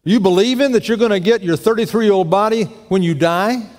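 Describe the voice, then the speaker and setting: Male pastor, higher-pitched, folksy sermon delivery, long church-hall reverb. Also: a little fast, darkish tone. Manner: folksy storytelling with questions to the congregation. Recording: long echo of a large hall.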